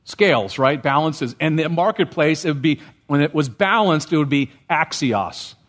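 In a church sanctuary, a male pastor preaches a sermon at a moderate pace, his voice a little high for a man. His delivery is loose and conversational, and he keeps putting questions to the congregation.

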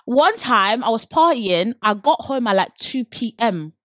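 A woman's voice: on the high side, a little slow, dry recording. A young woman in her twenties with a London accent, hosting a podcast and telling stories in casual chat. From United Kingdom. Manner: chatty, animated storytelling with laughs. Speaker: podcast host.

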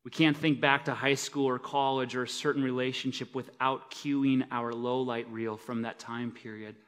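A man preaching a sermon, swinging between loud emphasis and quiet, low asides. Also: flat delivery, moderate pace, clear, resonant tone. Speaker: pastor. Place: church service.

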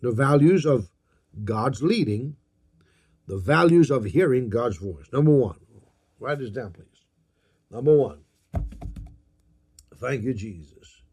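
Slow, emphatic preaching man. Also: mid-range voice, animated, a little mellow, slightly rough. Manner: call-and-response preaching, repeats key phrases; slow and emphatic, reads scripture aloud. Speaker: pastor. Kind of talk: sermon.

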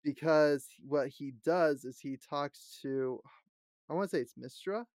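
A man's voice: fairly high pitch, unhurried, darkish tone, no echo, studio quality. A man co-hosting a casual podcast chat about a fantasy show, laughing often and squealing out quotes. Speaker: podcast co-host.

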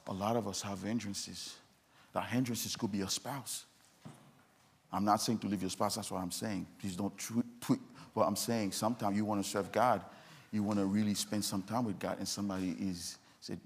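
Gravelly, husky male pastor preaching. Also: lowish voice, steady tone, moderate pace. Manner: repetitive, insistent questioning. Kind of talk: sermon.

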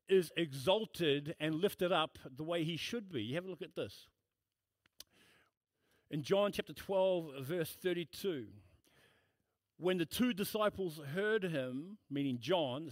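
A man's voice: on the high side, dry recording. A man preaching a sermon in a church, emphatic and repetitive, breaking into casual storytelling asides. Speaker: pastor.

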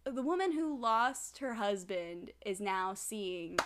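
A woman's voice: mid-range voice, expressive, slow pace. A woman co-hosting a casual podcast, retelling anime scenes with dramatic energy and frequent laughter. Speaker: podcast co-host recapping an anime. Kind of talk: casual chat.

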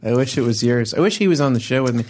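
Man, comedy podcast co-host, dry deadpan banter, mid-pitched voice. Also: racing, a little hiss or hum. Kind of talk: casual comedic chat.

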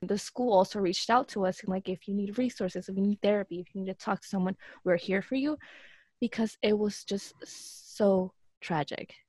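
A woman's voice: mid-range voice, normal speed, warm tone, slightly rough, no echo, clean studio sound. A young woman in a casual chat, speaking in an earnest, reflective way.

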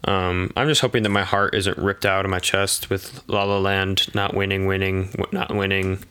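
Pria pelempar celetukan dengan suara cerah. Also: male voice, sits low, level tone, sharp tone, clean tone. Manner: wry, quick quips. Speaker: podcast co-host. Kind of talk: casual movie review chat.

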